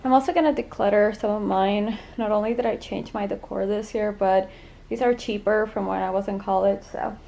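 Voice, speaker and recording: A woman's voice: mid-range voice, steady tone, brisk, gravelly, warm tone. A young woman chatting casually at home as she vlogs about decorating, gushing and saying "y'all" often. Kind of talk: casual vlog chat. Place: at home indoors.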